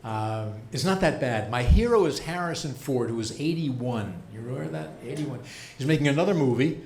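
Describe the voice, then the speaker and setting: A man in his seventies performing a stand-up comedy set as a rabbi comedian, with a dry, deadpan delivery and pauses before the punchlines. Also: mid-range voice, vocal fry, slight background noise. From United States. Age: 70s. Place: comedy club stage. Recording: roomy live club sound.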